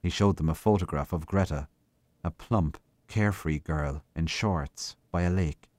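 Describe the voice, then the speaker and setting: A man reading a short story aloud in a measured, unhurried way. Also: sits low, darkish tone, dry recording. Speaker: guest reader.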